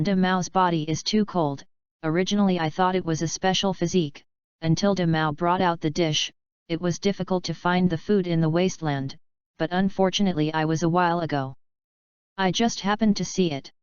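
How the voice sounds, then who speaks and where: A woman narrating a fanfiction audiobook in a flat, even reading, with a dull lo-fi sound. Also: lowish voice, a little fast, smooth, dry recording. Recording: dull lo-fi dry recording.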